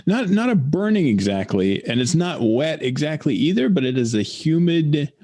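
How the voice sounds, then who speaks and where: A man co-hosting a podcast in casual chat, rambling and halting, laughing often. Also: a little high, sing-song, darkish tone. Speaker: podcast co-host.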